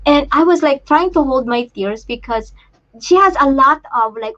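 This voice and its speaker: A woman hosting a casual live chat, talking in a halting, emotional way with many restarts while she shows things to the camera. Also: high voice, lively intonation, a bit bright, muffled recording. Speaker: livestream host and parent.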